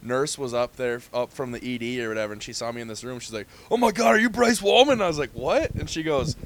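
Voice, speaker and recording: Animated young man telling stories. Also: fast, slight background noise. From Midwestern US. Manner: animated storyteller, acts out quotes in high squeaky voices. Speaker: podcast co-host. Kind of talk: casual podcast chat.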